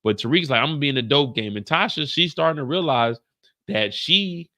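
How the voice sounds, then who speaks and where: A lively man talks through a TV finale in casual commentary. His voice has a gravelly edge and a bright, forceful tone. He leaps between high and low put-on voices for each character. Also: a little fast. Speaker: show reviewer.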